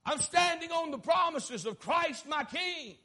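Male preacher, very high voice, sharp bright tone, fervent sermon. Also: lively intonation, unhurried. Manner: fervent preaching that swings from shouts to near-murmurs.

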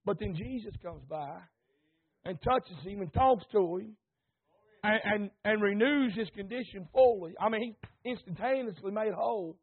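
Fervent husky preacher, high voice. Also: male voice, normal speed. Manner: fervent, rises to shouting, repeats phrases, rhetorical questions. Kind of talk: impassioned sermon. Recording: tinny phone-like recording.

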